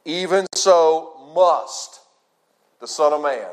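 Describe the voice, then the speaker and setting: Middle-aged male pastor, high voice, preacherly delivery with loud peaks and hushed dips. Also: slow pace. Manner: preacherly, swings from loud emphasis to hushed low drops. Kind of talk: sermon.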